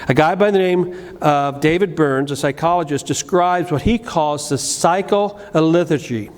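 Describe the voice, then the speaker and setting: Middle-aged pastor preaching in a church. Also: male voice, normal speed. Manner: storytelling, swings between loud emphasis and low quiet asides, frequent restarts. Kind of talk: sermon. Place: church sanctuary. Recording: live church recording with long reverb and faint room noise.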